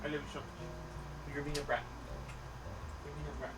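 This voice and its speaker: A man's voice: a little high, little pitch movement, fairly quick, loud music behind the voice. A man streaming casually from his home desk, rambling and teasing his cat while he chats. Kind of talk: casual live-stream chat.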